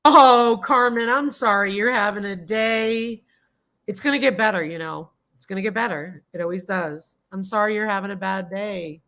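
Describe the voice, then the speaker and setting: At normal speed, a livestream host with a mid-range voice sounds pushed and bright. She welcomes viewers by name, reads their chat messages out loud, and thanks them effusively.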